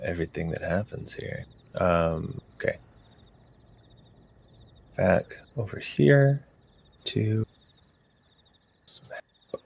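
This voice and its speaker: A man running a tabletop game as game master, hesitant, with many pauses and restarts. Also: deep voice, lively intonation, vocal fry, breathy edge.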